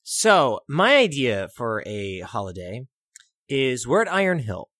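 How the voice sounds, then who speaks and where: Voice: mid-range voice, sing-song, measured pace, fairly bright tone, no room sound, clean studio sound. A podcast co-host riffing through improvised comedic worldbuilding, swearing freely and slipping into voices. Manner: profane, riffing, puts on voices.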